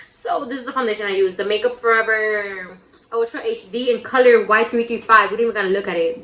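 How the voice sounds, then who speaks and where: A woman's voice: mid-range voice, sharp tone. A young woman telling a childhood story in a casual, slangy way while doing a makeup tutorial, shrieking when she quotes her friends. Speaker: makeup vlogger. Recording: roomy echo.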